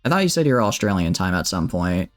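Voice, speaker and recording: A young man streaming a game, chatting with viewers in a relaxed, jokey way while he plans his builds. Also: low voice, quick pace, soft background music. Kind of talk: casual gameplay commentary chatting with viewers.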